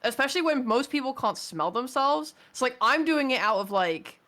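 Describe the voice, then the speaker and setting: A woman's voice: high voice, animated, moderate pace, fairly bright tone. A woman guest on a stream, talking casually and bluntly with some swearing. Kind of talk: casual chat.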